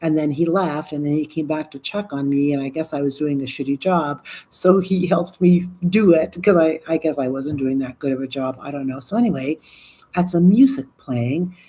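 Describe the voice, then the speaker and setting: A woman's voice: sits low, normal speed, warm tone. A woman in her sixties hosting a live stream, chatting casually and rambling, with some swearing and asides to viewer comments. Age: 60s. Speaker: livestream host.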